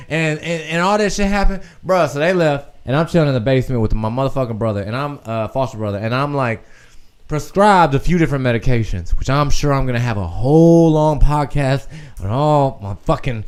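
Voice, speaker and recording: A young man hosting a podcast stream, telling a personal story in a candid, profane, animated way. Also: fairly high pitch, a little fast, clear, resonant tone. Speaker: podcast host.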